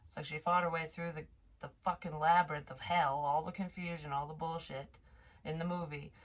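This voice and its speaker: A woman's voice: sits low, level tone, brisk, low-quality recording. A woman giving a casual psychic tarot reading, chatty and thinking aloud, with frequent swearing.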